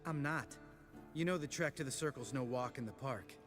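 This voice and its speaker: A man's voice: mid-range voice, fairly quick, fairly bright tone, soft background music, natural voice. A man voicing a sarcastic monster hunter. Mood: sardonic. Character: sardonic male monster hunter, blunt and sarcastic. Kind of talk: video game dialogue.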